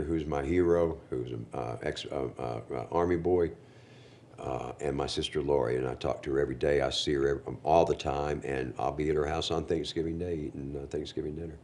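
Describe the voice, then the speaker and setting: A man's voice: a bass voice, a little mellow, slight background noise. A man telling his recovery story as a podcast guest, candid and emotional, full of slang like bro and dude.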